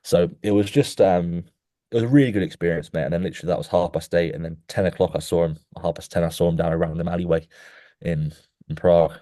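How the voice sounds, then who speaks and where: A man's voice: deep voice, fast, no room sound, clean studio sound. A young man co-hosting a podcast, telling a long anecdote in casual chat with lots of restarts and "mate". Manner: animated storyteller, many restarts, keeps saying "mate". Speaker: podcast co-host.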